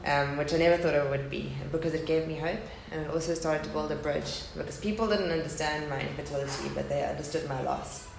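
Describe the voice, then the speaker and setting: Speaking quickly and with few pauses, a woman with a low, gravelly voice and fairly even intonation shares her personal testimony. She's in her thirties, talking candidly and earnestly about loss before a faith-gathering audience in an echoey hall with faint background hum.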